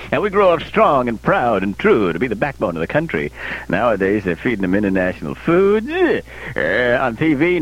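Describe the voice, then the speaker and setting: A man hosting a morning radio show, joking loudly and brashly and reading ads in a folksy drawl. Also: medium pitch, dull audio. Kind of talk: brash radio banter and live ad read. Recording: old radio broadcast with faint music.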